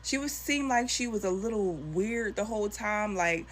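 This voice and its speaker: Woman storyteller, lively and colloquial, mid-pitched, acts out quotes. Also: moderate pace, a little hiss or hum. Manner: animated, acts out dialogue, colloquial. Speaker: storytime creator. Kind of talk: casual storytelling to camera.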